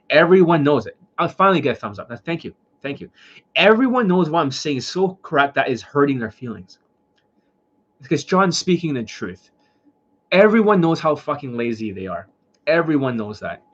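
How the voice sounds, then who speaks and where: A man's voice: a little high, sing-song, moderate pace, fairly bright tone, muffled recording. A man, a dating coach, lecturing bluntly in a casual livestream rant, swearing and repeating his points. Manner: blunt, profane, repetitive lecturing.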